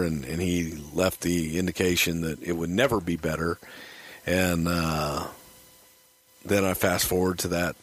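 A man's voice: low-pitched, flat delivery, unhurried, slightly rough. A man telling a rambling, profane anecdote in a casual storytelling style.

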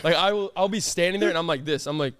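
High-voiced young man, teasing banter. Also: a bit bright, smooth, no room sound, clean studio sound. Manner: joking, teasing, quick to laugh. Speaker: podcast co-host. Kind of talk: casual chat.

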